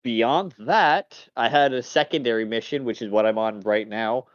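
A man's voice: mid-range voice, normal speed, no echo, muffled recording, close to an everyday voice. A man playing a captured captain of a lord's guard, answering questions in a plain, matter-of-fact way.

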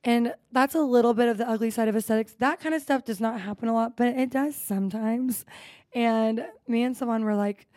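A woman in her thirties co-hosting a podcast, telling stories in a lively, casual way with plenty of swearing and laughter. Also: on the high side, brisk, dry recording, clean studio sound. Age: 30s. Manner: animated storytelling with frequent swearing and laughs. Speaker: podcast co-host. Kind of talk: casual chat.

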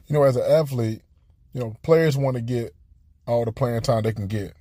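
A young man and former college basketball player telling a casual story, animated and acting out quotes with jumps in his voice. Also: mid-range voice, moderate pace, no echo, studio quality.

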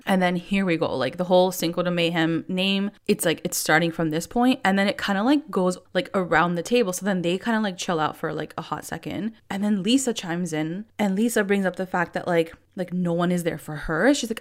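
A woman's voice: lowish voice, a little fast, hardly any pauses. A young woman hosting a podcast, recapping a reality show in casual, chatty talk full of "like" fillers. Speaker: podcast host.

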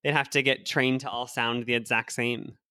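A man's voice: mid-range voice, fairly even intonation, moderate pace, bright, forceful tone, clean tone, no echo, clean studio sound. A young man with a nasal voice, co-hosting a casual podcast and rambling along with lots of fillers. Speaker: podcast co-host. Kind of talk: casual chat.

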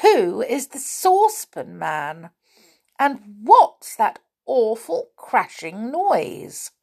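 A woman's voice: on the high side, wildly swooping pitch, drawn-out words, vocal fry, voice pushed up, heavily acted. A woman doing a haughty, rude little girl. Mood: rude, angry. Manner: loud and haughty. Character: proud, rude, easily angered little girl.

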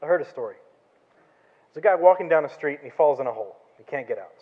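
A man's voice: a little high, lively intonation, fast talker. A man giving an earnest sermon testimony in church, telling a parable with quoted voices. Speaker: guest speaker. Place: church sanctuary. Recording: lo-fi, phone-like sound in a reverberant church hall.

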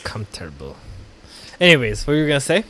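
A man's voice: medium pitch, sing-song, moderate pace. A man co-hosting a casual podcast chat, joking around and laughing, often slipping into exaggerated voices. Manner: joking, laughing, swings into exaggerated put-on lines. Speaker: podcast co-host.

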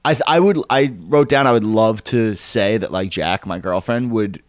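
A young man co-hosting a casual podcast chat, telling a story in an animated way and acting out the voices of the people in it. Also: fairly low pitch, moderate pace, dry recording. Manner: animated, acts out quoted voices, swears freely. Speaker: podcast co-host.

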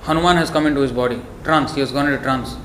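A man's voice: mid-range voice, very fast, fairly bright tone. Emphatic man preaching in an echoey room. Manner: emphatic, scolding, storytelling. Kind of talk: devotional sermon. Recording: echoey room, faint background noise.

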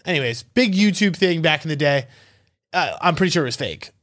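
A young man co-hosting a casual podcast chat, throwing in quick jokes and swearing freely. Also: on the high side, expressive, a bit bright. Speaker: podcast co-host.

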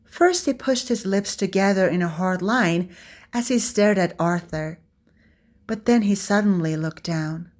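A woman reading fan fiction aloud in a steady storytelling manner. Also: mid-range voice, a little slow. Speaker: reader.

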